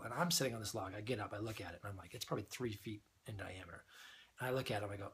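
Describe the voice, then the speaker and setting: A man telling a funny anecdote in a casual, animated way, chuckling as he goes. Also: on the low side, rapid-fire, breathy edge. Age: older than the usual young adult. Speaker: storyteller.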